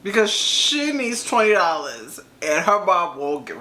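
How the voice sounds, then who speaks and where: A woman's voice: on the low side, very animated, measured pace, sharp tone. A woman hosting a reaction video, talking casually in slang, laughing often and speaking straight to the person in the clip.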